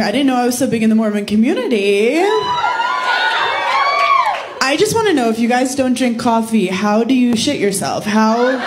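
A woman stand-up comedian in her thirties teasing the audience with brash, quick banter on a club stage. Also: on the high side. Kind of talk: stand-up crowd work. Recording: live club recording with crowd noise. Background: audience laughter and noise.

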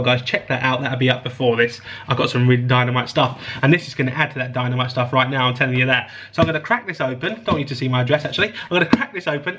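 A man's voice: fairly high pitch, fairly bright tone, a little hiss or hum. A man hosting his own channel, chatting enthusiastically to viewers as he unboxes a parcel. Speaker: host. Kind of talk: casual unboxing chat.

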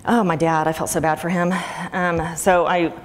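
A woman's voice: lowish voice, flat delivery, normal speed. A middle-aged woman giving a chatty, sarcastic conference talk in a lecture hall. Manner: chatty, sarcastic, laughs often. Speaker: conference speaker. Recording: reverberant hall with faint ambient noise.

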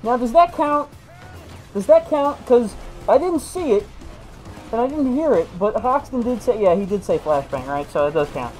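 Casting: chatty let's-play host, rambling storyteller, mid-pitched, faint game music underneath. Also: lively intonation, normal speed, low-quality recording. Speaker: gaming video host. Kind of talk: casual let's-play commentary.

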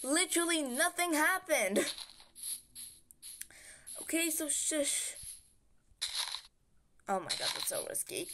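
A woman's voice: a little high, fairly bright tone, slight background noise. A woman giving casual, playful game-tutorial commentary, chatting and humming sound effects as she builds. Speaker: gaming channel host.

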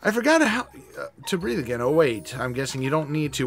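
A man giving comedic gameplay commentary, animated and shouty, slipping in and out of put-on voices. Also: a little high, a little fast. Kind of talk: comedic let's play commentary.

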